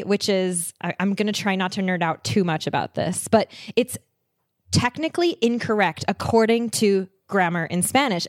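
A woman chatting as a guest on a travel talk show, animated and laughing often as she tells stories. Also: medium pitch, dry recording, studio quality. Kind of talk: casual conversation.

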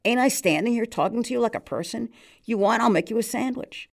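A woman's voice: fairly high pitch, a little fast, vocal fry, pitched above the performer's own voice. A woman reading aloud, voicing an eager New York barman who talks in folksy working-class slang with a New York accent. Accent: New York, put on. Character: chatty New York male barman, hopeful.

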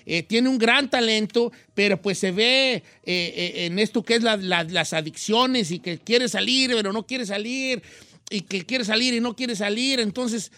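High, bright-voiced excited male host. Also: moderate pace, no room sound. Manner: excited, rambling, switching between Spanish and English. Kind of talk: casual interview talk.

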